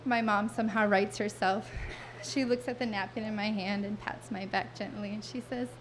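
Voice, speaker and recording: A woman telling a funny personal story on a stage before an audience, wry and self-mocking, with vivid detail and dramatic pauses. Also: medium pitch, steady tone, a little hiss or hum.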